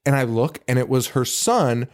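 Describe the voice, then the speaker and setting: Animated laughing man co-hosting a podcast. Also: medium pitch, normal speed. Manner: animated storyteller, frequent laughs and restarts. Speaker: podcast co-host. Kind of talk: casual chat.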